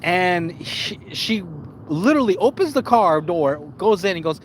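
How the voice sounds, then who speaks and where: A man's voice: sits high, measured pace, a little hiss or hum. Profane, slangy young streamer guy. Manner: profane, animated and slangy, with stammered restarts. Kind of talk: casual live-stream storytelling.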